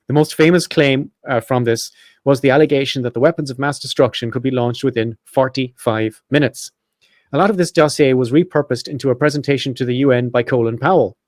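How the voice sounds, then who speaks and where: A man hosts a podcast, running through his notes at a quick clip. He swears freely and keeps dropping in offhand asides. His voice sits close and dry, with no room sound around it. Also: mid-range voice, a little mellow, dry recording. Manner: casual and profane, quick asides. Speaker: podcast host. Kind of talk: casual podcast chat, reading notes.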